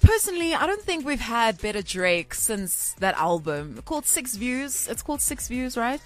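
A woman hosting a radio show, chatting casually and telling stories in an animated way. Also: fairly high pitch, moderate pace. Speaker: radio host. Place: radio studio.

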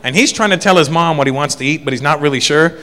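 Bright-voiced male comic in a hall. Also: fairly high pitch, quick pace. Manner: conversational, tosses in "right?" to the audience. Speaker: stand-up comedian. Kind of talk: stand-up comedy storytelling.

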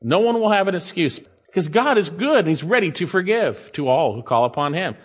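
A male preacher with a fairly high voice, reading scripture aloud and then pressing the point in his own words. He swings between raised, emphatic lines and quiet, low asides. His voice carries a long reverb, as in a large hall. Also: lively intonation, fairly quick, breathy edge. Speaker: pastor. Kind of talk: sermon.

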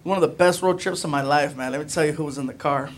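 A man doing stand-up, telling an animated road-trip story and acting out friends' voices. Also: fast talker. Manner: animated, acts out voices of friends with high shouts. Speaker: stand-up comedian. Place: comedy club stage with audience.

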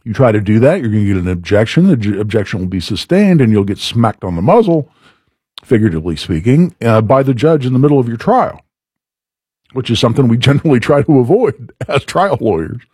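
A man's voice: medium pitch, big pitch swings, a little fast, mellow, breathy edge, dry recording, studio quality. A man hosting a radio talk show, explaining legal points in an emphatic, conversational way. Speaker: radio talk show host and trial lawyer.

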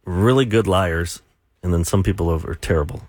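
A middle-aged man co-hosting a radio show, joking and teasing the others with a husky voice. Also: sits low, fairly quick, darkish tone, no room sound, clean studio sound. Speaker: radio co-host.

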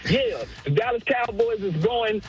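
A fired-up man calling in to a radio show, rattling off his complaint in loose, slangy talk with a high voice. His voice comes through a phone line with faint music underneath. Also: unhurried. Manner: animated, rambling, folksy slang. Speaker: caller. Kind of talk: call-in rant.

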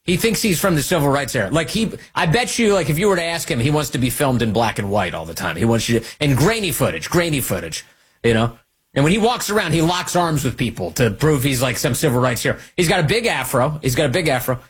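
A man hosting a political talk radio show, mocking and animated, sometimes squealing up high to mimic people. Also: fast, husky. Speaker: radio host.

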